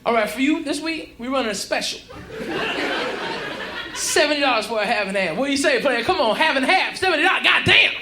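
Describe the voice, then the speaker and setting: A man's voice: extremely high pitch, lively intonation, a little fast, background noise. Wheedling hustler pimp, pushy sales patter, put on by a male comedian; echoey live club recording. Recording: roomy club recording with crowd laughter.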